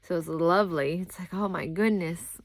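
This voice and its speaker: A woman's voice: fairly low pitch, steady tone, moderate pace, no echo. A young woman, talking casually to the camera in a rambling, tired way. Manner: rambling, chatty, breaks off to talk to her toddler. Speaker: vlogger.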